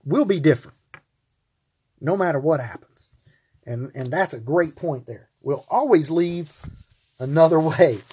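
A man's voice: fairly high pitch, measured pace, long pauses, warm tone, slight background noise. A man teaching a Bible lesson in an earnest, rambling way, often repeating words as he talks. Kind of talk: closing of a recorded Bible lesson.

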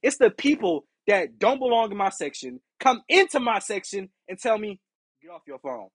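A man with a lively, swooping delivery, pitched a bit above the usual, tells a story on his podcast. His voice is husky and a little breathy, and he swears freely as he acts out who said what. The sound is dry and close. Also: normal speed, no room sound. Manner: animated, profane, acts out quoted exchanges. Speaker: podcast host. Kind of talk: casual storytelling monologue.

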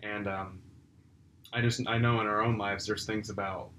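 A man co-hosting a casual film discussion podcast, retelling scenes with animated energy. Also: lowish voice, normal speed. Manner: animated storyteller, acts out scenes. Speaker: podcast co-host. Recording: roomy with faint background noise.

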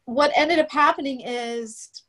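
A woman's voice: high voice, unhurried, fairly bright tone. A middle-aged woman from Oakland, California, telling her story in an interview and animatedly acting out the voices she quotes. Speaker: guest singer.

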